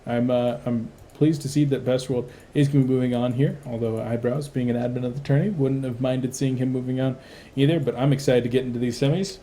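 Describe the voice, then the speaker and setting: A man's voice: medium pitch, slight background noise. Tired man calling a game live. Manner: rapid play-by-play, excitable bursts. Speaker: play-by-play esports caster.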